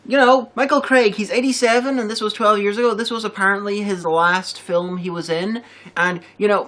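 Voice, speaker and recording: A woman's voice: lowish voice, a bit bright. A woman hosting a review show, chatting casually and enthusiastically, rambling and swearing freely. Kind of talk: casual chat.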